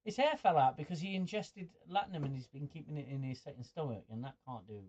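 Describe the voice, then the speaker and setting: A man's voice: a little high, expressive, fast talker, darkish tone, muffled recording, slight background noise. A man hosting a livestream chat and reading viewer comments, stammering and repeating words as he thinks, with a mid-range voice and frequent chuckles. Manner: chuckles often, chatty. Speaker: host.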